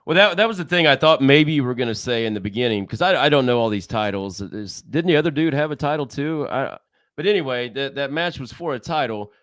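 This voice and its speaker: A man's voice: medium pitch, animated, brisk, fairly bright tone, no echo, studio quality. Rambling middle-aged male wrestling guest. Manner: rambling, self-interrupting, folksy. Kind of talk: casual podcast chat.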